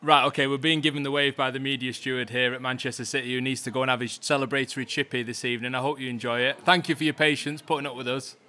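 A cheerful man hosts a podcast with a bright, forward voice. He chats loosely and laughs often, recording from a football stadium. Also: mid-range voice, little pitch movement, fast talker, hardly any pauses. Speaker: podcast host. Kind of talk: casual podcast chat.

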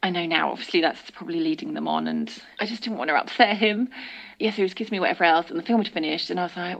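A woman's voice: on the low side, animated, fairly quick, gravelly, highs cut off. A woman sharing a dating story in a candid, self-deprecating way, acting out her own past lines. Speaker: listener sharing a dating dilemma.

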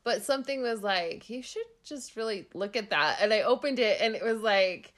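A woman's voice: fairly high pitch, animated, moderate pace, fairly bright tone. A woman co-hosting a casual podcast chat, talking in a bubbly, emphatic, gushing way. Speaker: podcast co-host.

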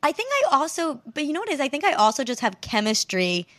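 A woman's voice: high-pitched, big pitch swings, quick pace, fairly bright tone, no room sound. A woman in her twenties, a guest, talking candidly and chattily, often trailing off mid-sentence. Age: 20s. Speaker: guest, comedian. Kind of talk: casual chat.

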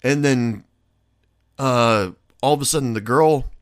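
A man's voice: mid-range voice, slow, no room sound, clean studio sound. A man telling a rambling anecdote in a casual monologue, blunt and swearing freely.

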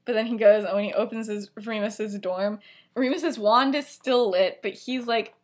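A woman's voice: fairly high pitch, steady tone, normal speed. Chatty young woman retelling a story. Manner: rambling, full of "like" and "you know", acts out characters' lines. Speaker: podcast co-host. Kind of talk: casual retelling of a fan story.

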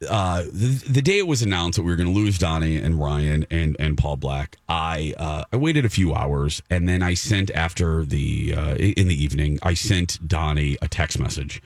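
A man's voice: a bass voice, normal speed, hardly any pauses, darkish tone, dry recording, clean studio sound. A man hosting a radio show, casually telling a story on air and acting out his own reactions.

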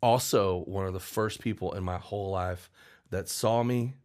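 A man's voice: low-pitched, normal speed, darkish tone. A man in his forties, a songwriter guest, telling a candid, rambling story in a casual interview, acting out what people said. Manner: candid, rambling, with restarts and acted-out quotes.

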